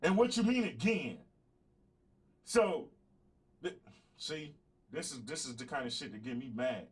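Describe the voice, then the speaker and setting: A man's voice: fairly high pitch, expressive, measured pace, slightly rough. A man hosting a livestreamed podcast, giving heated, profane commentary straight to his chat. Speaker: podcast host.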